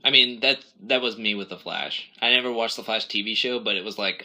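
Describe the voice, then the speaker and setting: A man's voice: lowish voice, fairly quick, few pauses, sharp tone. A man co-hosting a podcast in casual chat, rambling and correcting himself as he acts out quotes. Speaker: podcast co-host.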